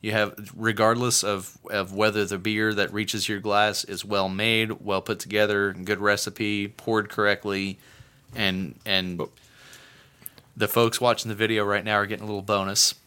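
A man talking casually as co-host, with a low-pitched voice. His tone is bright and forward, and he trips over his own words, repeating them as he goes. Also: level tone, normal speed, smooth. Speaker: podcast co-host. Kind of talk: casual chat.

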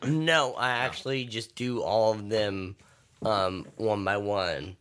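A man guesting on a podcast, cracking deadpan jokes in casual banter over a party game. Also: lowish voice, slow pace. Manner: deadpan, joking.

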